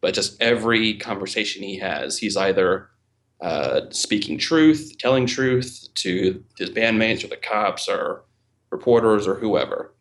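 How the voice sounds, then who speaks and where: Deep-voiced man musing with many fillers. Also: lively intonation, measured pace, fairly bright tone. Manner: thoughtful, hesitant with many fillers. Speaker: podcast host and film reviewer. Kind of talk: casual podcast discussion.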